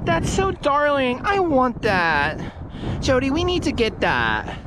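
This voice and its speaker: A man's voice: extremely high pitch, huge pitch swings, noisy background, pitched above the performer's own voice, exaggerated voice. A man putting on the voice of a gushing young woman who coos over something cute. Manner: drawn-out cooing.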